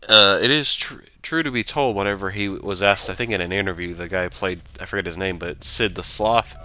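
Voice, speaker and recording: A man's voice: sits low, brisk, sharp tone, no echo. A man casually commenting on a video game he plays, rambling, joking and correcting himself. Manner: rambling, jokey, self-correcting. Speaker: let's play host.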